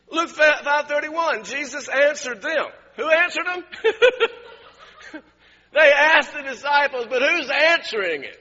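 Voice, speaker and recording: A man preaching a sermon as a pastor, swinging from fervent shouting to soft, low prayer. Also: measured pace. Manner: impassioned, shouting at peaks, dropping soft in prayer. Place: church sanctuary. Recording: dull lo-fi recording in a reverberant hall.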